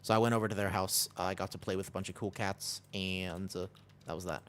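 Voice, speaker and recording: A man chatting casually with his viewers as he streams an online game, rambling with lots of "like" fillers and breaking off for quick game callouts. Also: low-pitched, steady tone, clear, resonant tone. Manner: rambling, many "like" fillers, talking to chat between game callouts. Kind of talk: casual chat while livestreaming a game.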